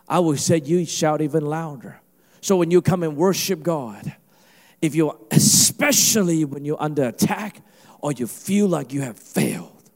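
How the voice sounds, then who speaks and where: High-voiced pastor guy preaching, gets emphatic, big echoey church hall. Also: creaky. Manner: animated, rising to emphatic preaching with mimicked asides. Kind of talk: sermon.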